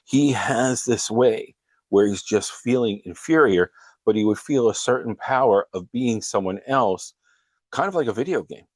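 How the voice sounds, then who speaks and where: A man's voice: medium pitch, lively intonation, moderate pace, darkish tone, no echo. A man hosting a show, earnestly retelling a counseling client's story. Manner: earnest storytelling, frequently breaking into quoted dialogue.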